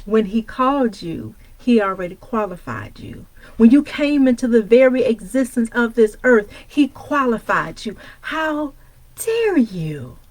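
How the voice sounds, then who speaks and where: A woman from Detroit delivers a fiery motivational sermon, confronting the listener with one rhetorical question after another. Her voice sits a little high, and the sound is dry and close with no room echo. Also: sing-song, moderate pace, a little mellow. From Detroit, United States. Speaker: motivational speaker and coach. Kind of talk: preaching motivational talk.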